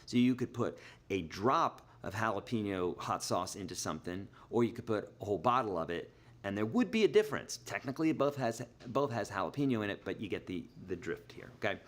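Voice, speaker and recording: A man's voice: lowish voice, sing-song, brisk. A middle-aged man teaching guitar in a live online lesson, chatty and explaining with everyday examples. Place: Nashville.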